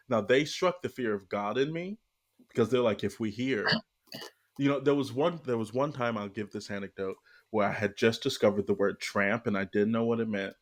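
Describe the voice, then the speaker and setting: A man co-hosting a podcast, telling lively anecdotes in a playful, casual way. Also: on the low side, moderate pace. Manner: playful storyteller, quoting with voices. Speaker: podcast co-host.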